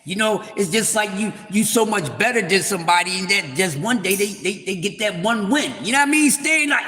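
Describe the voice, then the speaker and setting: A man hosting a casual sports talk livestream, rambling loudly with playful trash talk and shout-outs to his viewers. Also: high voice, lively intonation, moderate pace, hardly any pauses, in a large hall, soft background music. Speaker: livestream host.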